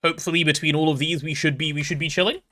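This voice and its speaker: A man's voice: on the high side, steady tone, racing, bright, forceful tone. A man live-streaming a game, chatting casually and rambling as he reads chat and talks through his build.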